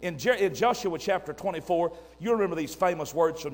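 Older man, preacher, high voice, emphatic sermon, loud then hushed. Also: fairly quick, few pauses.

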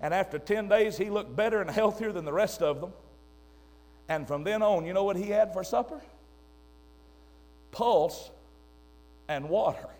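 Older man, preacher, high voice, emphatic sermon, loud then hushed. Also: moderate pace, pauses often.

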